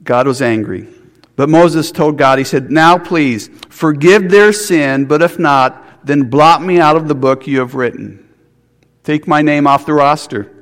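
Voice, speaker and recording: A man's voice: a little high, measured pace, long reverb tail. A man preaching a sermon, earnest, with restarts and rhetorical questions. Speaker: pastor.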